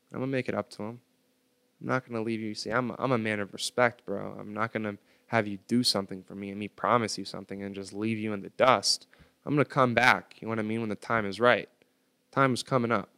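A young man in his twenties, a podcast guest, telling a story in casual slangy talk, getting loud when he acts out his anger. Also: on the low side. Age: 20s.

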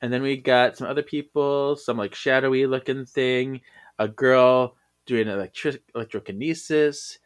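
Male co-host, casual rambling recap, quick to laugh, mid-range voice. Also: mid-range voice, fairly even intonation, smooth. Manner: laughs often, loose and rambling. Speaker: podcast co-host. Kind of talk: casual comic book recap chat.

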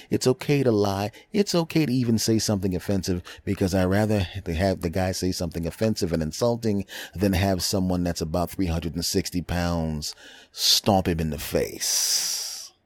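A man's voice: low-pitched, darkish tone, no room sound. A man hosting his own podcast, telling a rambling, self-mocking comic story and acting out the voices of the people in it. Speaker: podcast host. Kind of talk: comedic storytelling monologue.

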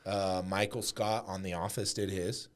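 A man's voice: sits low, flat delivery, moderate pace. A young adult man telling brash, profane stories in casual podcast chat. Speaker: podcast guest.

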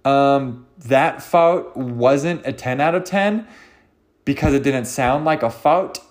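A man's voice: medium pitch, slow pace. A man hosting a solo comedy podcast, rambling and profane, often interrupting himself.

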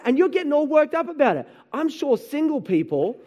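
A man preaching a sermon, telling animated stories about his children and often asking the room "right?". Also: extremely high pitch, a little fast. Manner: animated storytelling, acts out his kids and himself, frequent "right?". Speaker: pastor.

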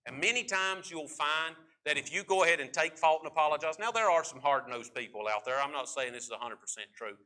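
Guy preaching a sermon, really bright voice, kinda high, plays out the story characters and slows way down on the big points. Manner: emphatic preaching that acts out the figures in the story; slows right down to stress key points.

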